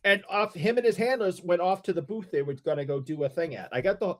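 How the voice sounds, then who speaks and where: A middle-aged man on a podcast, telling a story in casual chat, excitable and repeating himself. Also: high-pitched, fast talker. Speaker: podcast co-host.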